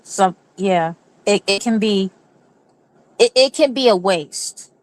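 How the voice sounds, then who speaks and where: Woman guest, slow, unhurried and agreeable, casual talk. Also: medium pitch, a little mellow, dry recording. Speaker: livestream guest. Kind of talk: casual livestream chat.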